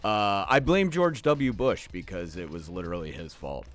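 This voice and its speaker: Rambling low-voiced man DJ. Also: normal speed. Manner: rambling, enthusiastic, frequent fillers. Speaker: radio DJ. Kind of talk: casual radio show back-announce.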